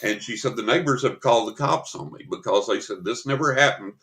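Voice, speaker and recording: A man with a lowish voice tells a story on a paranormal talk show. He talks in a casual, chatty way and slips into the voices of the people in his story. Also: a little fast. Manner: animated storyteller acting out voices in quotes.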